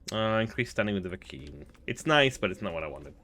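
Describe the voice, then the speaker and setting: A chatty man with a lowish voice talks through his game as he plays. He thinks aloud in a relaxed, amused way. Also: quick pace. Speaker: gaming video host. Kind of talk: relaxed gameplay commentary.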